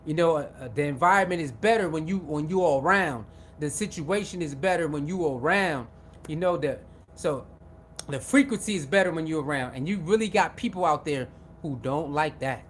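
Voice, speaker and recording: A man giving casual sports commentary, talking in an animated, repetitive way and acting out what other people say. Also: a little high, fairly quick, slight background noise. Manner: repetitive, animated, acts out quoted voices.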